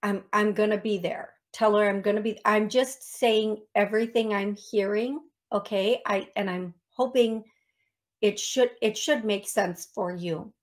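A woman's voice: medium pitch, fairly even intonation, unhurried. A woman hosting a radio call-in show as a psychic medium, talking in a chatty way with many restarts and ums.

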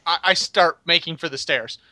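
A man playing in a tabletop game, chatting casually with quick quips. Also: fairly high pitch, bright, forceful tone, dry recording. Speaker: player.

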